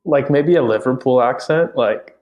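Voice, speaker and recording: Halting man co-hosting. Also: medium pitch, a little mellow, muffled recording. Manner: halting, restarts, laughs easily. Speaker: podcast co-host. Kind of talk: casual podcast chat.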